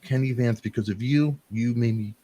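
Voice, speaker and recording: A middle-aged man hosting a talk show, rambling through animated, emotional storytelling and quoting friends. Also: medium pitch, normal speed, dry recording. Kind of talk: emotional casual chat.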